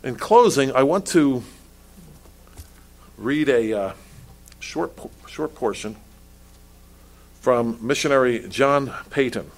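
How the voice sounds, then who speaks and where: A man's voice: medium pitch, lively intonation, slow, long pauses. A man preaching to his congregation in a mid-range voice, firing off rhetorical questions. He often restarts his words as he presses each point home. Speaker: pastor. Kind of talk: sermon.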